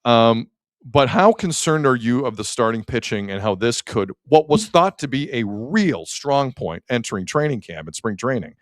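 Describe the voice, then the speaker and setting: Animated sports talk host. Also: male voice, medium pitch, moderate pace, dry recording, studio quality. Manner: animated, chatty, reads stats aloud.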